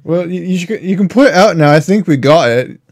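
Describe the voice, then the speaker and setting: A man's voice: high-pitched, lively intonation, brisk, no room sound, studio quality. A man playing a tabletop game, talking casually and bossing others in character. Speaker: player.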